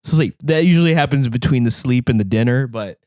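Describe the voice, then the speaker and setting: A man's voice: medium pitch, fast, a little mellow, dry recording, studio quality. A man co-hosting a podcast, chatting casually about a film and often trailing off into ums and restarts. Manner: rambling, with frequent ums and restarts. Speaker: podcast co-host.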